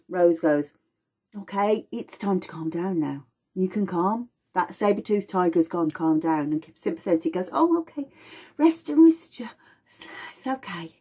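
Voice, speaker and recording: A woman's voice: fairly low pitch, darkish tone, breathy edge. A middle-aged woman teaching about aromatherapy in an informal, explanatory way, acting out little voices and sounds as she goes.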